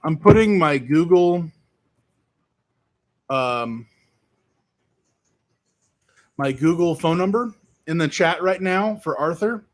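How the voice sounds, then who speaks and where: A man hosting a casual livestream, reading viewer comments aloud and answering them in a relaxed, rambling way with plenty of fillers and restarts. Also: on the high side, takes it slowly, pauses often. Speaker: livestream host answering chat. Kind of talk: casual live chat.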